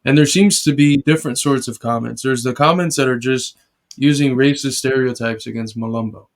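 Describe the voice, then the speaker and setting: A man's voice: medium pitch, a little fast. A man co-hosting a reaction show, talking in an agreeable, musing way. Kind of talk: casual reaction commentary.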